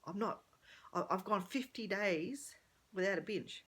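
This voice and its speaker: A woman's voice: medium pitch, a little slow, a bit bright, slightly rough. A middle-aged woman talking candidly in a rambling personal vlog, thinking aloud and correcting herself as she goes. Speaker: vlogger.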